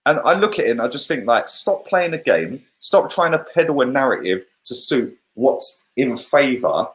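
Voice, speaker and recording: A man's voice: mid-range voice, big pitch swings, normal speed. A man, a football fan pundit, ranting bluntly and combatively in heated, sweary chat. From England.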